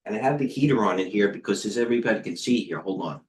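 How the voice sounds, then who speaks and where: A middle-aged man hosting a live trading stream, giving casual market commentary in a rambling way, with quick asides, restarts and talking to himself. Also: fairly low pitch, expressive. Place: indoor room with a heater on.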